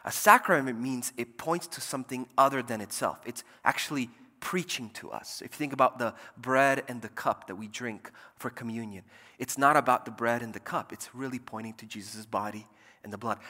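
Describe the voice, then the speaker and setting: A male pastor preaching a sermon in a church, lively and joking, swinging from loud emphasis to quiet asides. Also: medium pitch, normal speed, long reverb tail.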